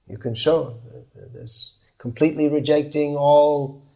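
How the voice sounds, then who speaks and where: A man's voice: on the high side, steady tone, unhurried, vocal fry. A man giving a scripture class in a conversational way, often acting out the replies of the people he describes. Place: class in Bangalore.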